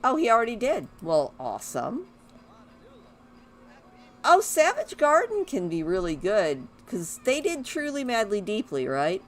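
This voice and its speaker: A woman's voice: medium pitch, huge pitch swings, unhurried. A woman giving casual, rambling commentary while playing a life-simulation game, chatting to her characters and drifting into talk about music. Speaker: gaming YouTuber. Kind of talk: casual let's-play commentary.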